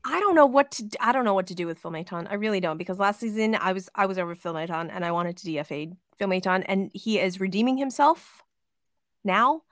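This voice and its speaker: A woman co-hosting a casual sports podcast, excitable and gushing, swearing freely. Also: medium pitch, quick pace, dry recording, clean studio sound. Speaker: podcast co-host.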